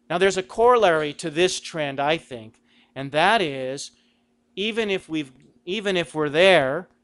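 A man's voice: a little high, a bit bright. A middle-aged man giving a conversational talk on Christian vocation, asking rhetorical questions. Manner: acts out quoted lines with a raised voice. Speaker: Catholic speaker.

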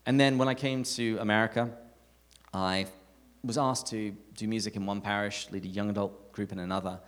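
A man with an English accent giving a live talk to an audience, telling stories with animated, self-mocking humour. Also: on the low side, moderate pace. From England. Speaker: speaker at a parish talk night. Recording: echoey hall reverb.

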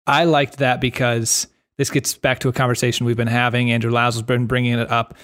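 A man's voice: medium pitch, level tone, fairly quick, few pauses, fairly bright tone. Enthusiastic man co-hosting a podcast. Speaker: podcast co-host. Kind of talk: casual chat.

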